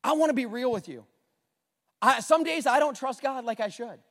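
A man in his thirties preaching a sermon as a pastor, earnest and emotional, swinging from loud to hushed. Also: very high-pitched, expressive, moderate pace, big-room sound. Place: church sanctuary.

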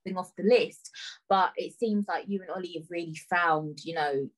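A woman's voice: fairly low pitch, a little fast, poor audio. Chatty woman host, frank and reassuring. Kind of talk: emotional personal conversation.

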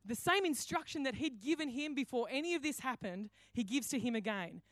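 Aussie woman pastor preaching, fairly high voice, animated, acts out the voices in her stories, dry close sound. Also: fairly quick, no echo. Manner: animated storytelling, acting out quoted voices. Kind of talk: sermon. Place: church hall.

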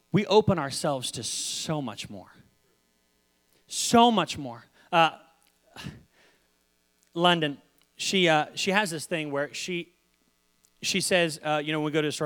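High, lively young preacher. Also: male voice. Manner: acts out stories, shouts in bursts, often repeats words. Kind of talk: animated sermon storytelling.

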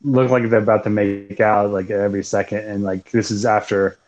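A man's voice: on the low side, level tone, normal speed, darkish tone. A man co-hosting a podcast, chatting loosely about a film and laughing often. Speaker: podcast co-host. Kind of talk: casual film discussion.

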